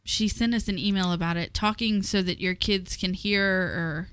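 A woman's voice: mid-range voice, steady tone, moderate pace, a bit bright, clean tone, no echo. A woman co-hosting a faith-based parenting talk show, reading aloud from a book and frankly sharing her own parenting failures, with frequent "um" fillers. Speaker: co-host, parent.

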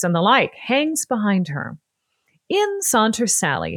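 A woman narrating a scripted history podcast in an expressive, playful way. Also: mid-range voice, no echo. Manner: expressive and playful, laughs often.

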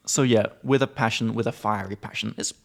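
A young man co-hosting a podcast, explaining vocabulary in a relaxed, giggly way and slowing down to spell out each word. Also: on the low side, gravelly, heavy background noise. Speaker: podcast co-host, English teacher. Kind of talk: casual chat explaining vocabulary.

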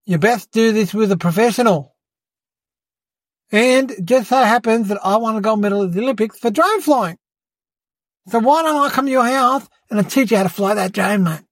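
An adult plays a cheeky young boy running his own podcast, boasting, rambling, telling fibs and calling everyone "mate" in a comedic character monologue. The voice is medium-pitched and close to everyday speech, at a moderate pace in a dry recording.

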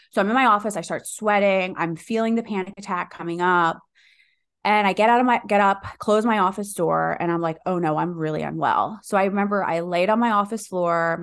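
A woman guest on a podcast, telling her story in a casual, animated way, swearing freely and acting out her own inner voice. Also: fairly low pitch.

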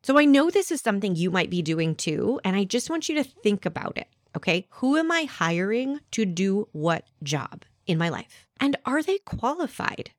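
Woman, podcast host, conversational monologue, lively pitch, dry close mic. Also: moderate pace, few pauses, dry recording. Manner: animated, conversational, addresses listener as "my friend".

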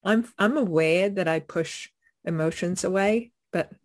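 A woman's voice: on the low side, unhurried. A woman in conversation, reflecting candidly on her own behaviour.

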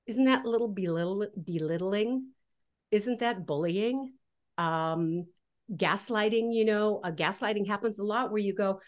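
A woman's voice: medium pitch, measured pace. Woman guest explaining animatedly. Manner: animated, acts out inner voices. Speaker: guest author. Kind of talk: casual interview talk.

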